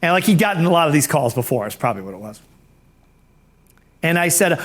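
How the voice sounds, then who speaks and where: A male professional speaker recounting a personal story in an animated way. His voice sits high for a man. He acts out every line of dialogue and sounds amused by his own tale. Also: quick pace, pauses often.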